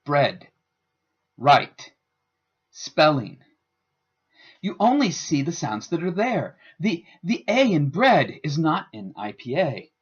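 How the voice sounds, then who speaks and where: A man giving a scripted instructional narration as a student presenter, with a careful, deliberate teaching delivery. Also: on the high side, very animated, husky. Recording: dull lo-fi voice-over.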